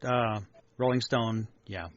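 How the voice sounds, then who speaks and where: A man's voice: mid-range voice, steady tone, slow. Dry-witted man on a lo-fi podcast. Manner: dry, joking asides. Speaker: podcast co-host. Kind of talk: casual chat. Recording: dull lo-fi podcast audio.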